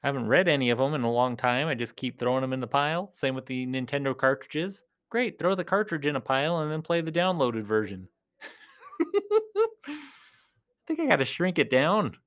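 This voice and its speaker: A man's voice: medium pitch, very animated, normal speed, clear, resonant tone. A man chatting casually to his viewers while playing a rock video game, joking, self-deprecating and drifting between topics. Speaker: video creator.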